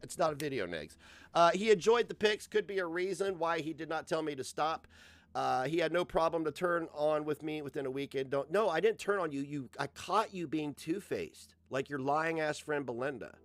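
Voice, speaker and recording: A man's voice: fairly high pitch, moderate pace, no echo. A man ranting sarcastically in a reaction commentary, mocking and swearing freely. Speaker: commentary streamer.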